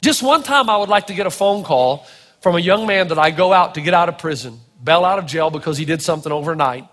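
A man preaching a sermon, animated and playful, acting out quotes as he goes. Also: fairly high pitch, fast, big-room sound. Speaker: pastor. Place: church hall with audience.

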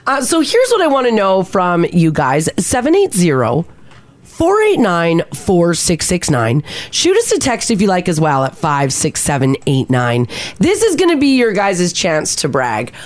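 A woman co-hosting a radio show in casual morning-show chat, telling stories in a chatty, animated way into a studio mic. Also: lowish voice, measured pace.

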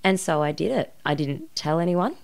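Speaking at a moderate pace with a fairly low, creaky voice and lively intonation, this Australian woman in her forties is an actress appearing as a podcast guest. She reflects earnestly on a personal story, sharing emotional events with openness.

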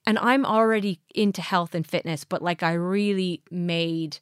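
Woman, podcast host, earnest motivational coaching, lowish voice, dry close sound. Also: moderate pace, clean tone, no echo. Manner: earnest, coaching, full of rhetorical questions.

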